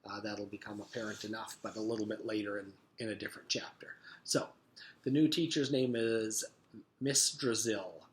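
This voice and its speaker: A male teacher reading a children's chapter book aloud to his class in a relaxed, casual way. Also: on the low side, normal speed. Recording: roomy echo.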